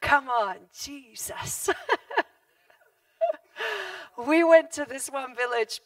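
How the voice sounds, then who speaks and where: A woman preaching a sermon in church, telling a story with animated delivery, frequent laughter and acted-out quoted voices. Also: high-pitched, drawn-out words, dry recording, recorded from a distance. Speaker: guest preacher.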